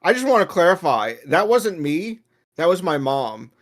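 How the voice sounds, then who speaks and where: Podcast guest, male, slightly high voice, deadpan jokes. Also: normal speed. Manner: joking, deadpan. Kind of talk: casual chat.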